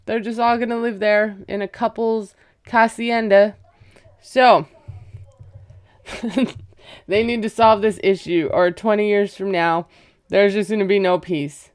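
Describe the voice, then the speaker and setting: A woman's voice: mid-range voice, steady tone, unhurried, long pauses, darkish tone, clean tone, no room sound, clean studio sound. A woman casually recapping a reality show, chatty and gossipy, acting out quotes and laughing as she goes. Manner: gossipy, retells scenes with quoted voices and laughs.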